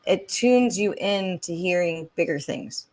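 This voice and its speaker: A woman's voice: on the low side, animated, unhurried. A woman hosting a podcast interview, talking in a chatty, enthusiastic way. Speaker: podcast host. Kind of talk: conversational interview.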